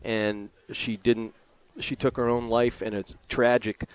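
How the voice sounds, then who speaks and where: A man's voice: mid-range voice, flat delivery, a little slow, smooth. A man from Maryland doing color commentary at a lacrosse game, talking in a chatty, earnest way with lots of fillers and asides. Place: press booth at a lacrosse game.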